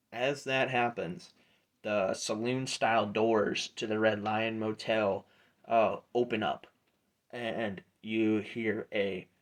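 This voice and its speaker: A man narrating a tabletop game as game master, casual and rambling. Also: fairly low pitch.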